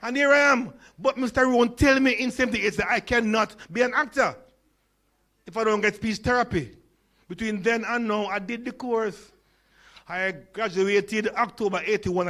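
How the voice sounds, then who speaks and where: A Jamaican man in his sixties gives a humorous keynote with a slight stutter and lisp. He tells stories and puts questions to the crowd in a notably high voice. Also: bright, forceful tone. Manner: storytelling, engages audience with questions. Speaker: conference speaker.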